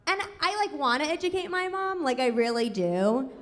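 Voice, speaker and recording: A woman's voice: high-pitched, big pitch swings, fairly bright tone. Sarcastic woman doing stand-up in a club. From New York. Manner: quick, sarcastic, self-deprecating. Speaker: stand-up comedian. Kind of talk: stand-up set. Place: comedy club stage, audience laughing. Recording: live club recording, long reverb, audible noise.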